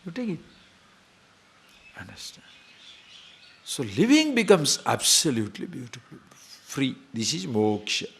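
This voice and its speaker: A man's voice: medium pitch, huge pitch swings, creaky, a bit bright. Man giving a spiritual talk. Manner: emphatic, rhetorical questions, chants verses slowly. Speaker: spiritual teacher. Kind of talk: lecture on scripture.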